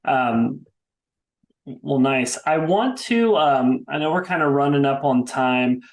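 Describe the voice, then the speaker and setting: A man's voice: medium pitch, expressive, slow pace. Casual male podcast host. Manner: friendly, casual, many fillers like "um" and "like". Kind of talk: casual interview.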